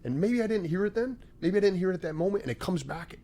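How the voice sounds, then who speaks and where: A man's voice: sits high, expressive, fast talker, warm tone. A middle-aged man, a fitness coach, talking earnestly as a guest in an interview. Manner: earnest, emphatic about mindset. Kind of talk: casual interview chat.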